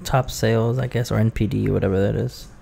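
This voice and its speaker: A man's voice: fairly low pitch, fairly even intonation, a little fast, vocal fry, mellow, a little hiss or hum. A man co-hosting a casual gaming podcast, mostly short agreements and teasing asides. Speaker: podcast co-host.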